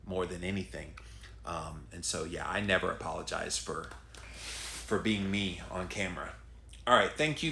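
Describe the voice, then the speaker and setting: A middle-aged Southern man hosts a casual live stream and reads viewer comments in an earnest, chatty, drawn-out manner. His voice sits a little low but sounds bright. The room around him is echoey. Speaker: host.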